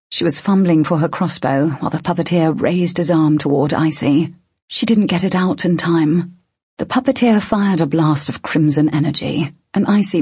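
A woman narrates a fantasy audiobook at a measured, even pace. Her voice is low and very breathy. The recording is dry and somewhat dull, like lo-fi home audio. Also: dry recording. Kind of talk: scripted narration.

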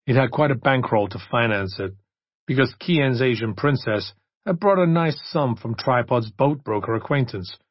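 Male audiobook reader, husky, steady, dull dry close recording. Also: mid-range voice, no echo. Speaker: audiobook narrator. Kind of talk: scripted narration.

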